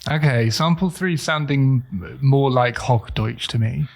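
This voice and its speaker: Musing male podcast co-host, mid-pitched. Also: measured pace, creaky. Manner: thoughtful, muses aloud with many fillers. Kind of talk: casual podcast chat, guessing aloud.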